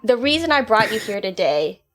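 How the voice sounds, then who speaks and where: Host type, woman with a lively, bouncy, high-ish voice, hamming up a clumsy fake Essex accent. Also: normal speed, faint music behind. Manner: playful, putting on an amateur Essex accent. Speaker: video host. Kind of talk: comedic vlog chat.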